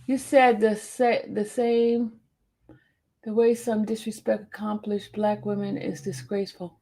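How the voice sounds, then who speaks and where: Chatty gravelly woman streamer. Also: medium pitch, little pitch movement, a little slow, dark tone. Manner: chatty, laughing, addresses viewers as y'all. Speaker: livestream host. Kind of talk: casual livestream chat.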